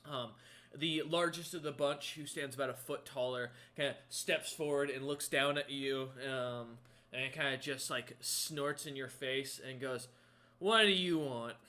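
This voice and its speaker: A man's voice: mid-range voice, fairly even intonation, unhurried, pushed and bright. A man narrating as game master of a tabletop role-playing game, rambling with many ums and self-corrections.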